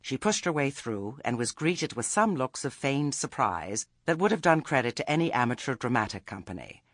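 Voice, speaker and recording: A man's voice: mid-range voice, sing-song, normal speed, no echo. A man reading a comic story aloud with a dry, wry delivery. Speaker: audiobook narrator. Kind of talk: storybook narration.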